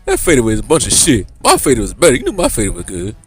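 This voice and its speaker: A man voicing a grumpy older male basketball legend who rants loudly and boasts about his past. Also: medium pitch, huge pitch swings, rapid-fire, husky, faint music behind. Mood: boastful ranting. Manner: loud, boastful, rambling rant.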